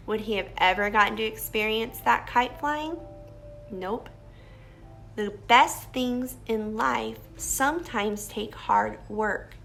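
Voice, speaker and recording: Woman teacher reading a picture book to kids, going slow, asks them questions, clear bright voice a bit high. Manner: slow, questioning, explaining to children.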